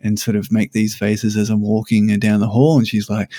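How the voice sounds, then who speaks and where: A man's voice: lowish voice, monotone, a little fast, warm tone, dry recording. A man co-hosting a casual parenting chat, telling easygoing stories about his family. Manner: easygoing, storytelling, laughs between stories. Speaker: podcast co-host, father. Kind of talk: casual conversation.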